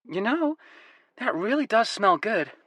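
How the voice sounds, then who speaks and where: A man's voice: very animated, measured pace, bright, forceful tone, dry recording, exaggerated voice. A man voicing a persistent, friendly young woman with an American accent, in a breezy, coaxing manner. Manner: breezy, coaxing, lifted pitch.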